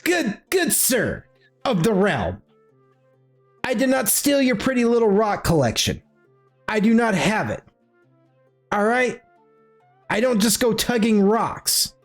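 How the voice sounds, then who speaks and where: A man's voice: sits high, very animated, takes it slowly, long pauses, soft background music, voice pushed up, exaggerated voice. A man voicing a sly male halfling tavern waiter who whines and protests his innocence. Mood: defensive.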